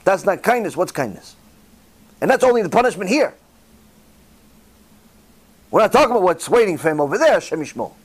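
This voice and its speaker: A man in his forties tells a story as a religious teacher. He speaks in an animated way, acts out the dialogue and often fills pauses with "uh". His voice sits fairly high for a man. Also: husky. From Israel. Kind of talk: storytelling Torah talk.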